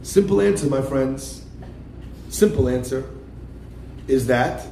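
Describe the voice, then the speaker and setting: Animated rabbi preaching in an echoey room. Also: male voice, fairly high pitch, unhurried, gravelly, pauses often, a little hiss or hum. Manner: animated, acts out the people he quotes; keeps addressing listeners as "my friends". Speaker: rabbi giving a class. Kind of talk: sermon.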